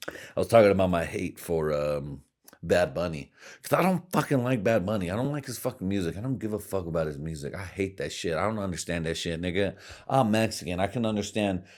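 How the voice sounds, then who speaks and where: A man's voice: low voice, darkish tone. A man from California hosting a podcast, talking in a rambling, profane comic monologue and often laughing at his own jokes. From California, USA. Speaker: podcast host.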